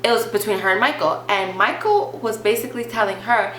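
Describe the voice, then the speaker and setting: Bright-voiced chatty young woman vlogger. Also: medium pitch, brisk. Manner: chatty, animated retelling full of "like" and acted quotes; blunt, swears casually. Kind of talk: storytime vlog. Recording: roomy echo with faint hum.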